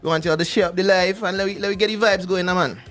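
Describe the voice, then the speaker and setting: A man's voice: sits high, fairly even intonation, very fast, fairly bright tone, faint music behind. Teasing radio co-host man. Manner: laughing, teasing, repetitive. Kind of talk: morning radio banter.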